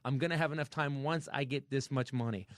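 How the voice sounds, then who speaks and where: Man, comedy podcast host, animated storyteller, mid-pitched voice, dry close sound. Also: fast, no room sound. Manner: animated, acts out sound effects and quotes.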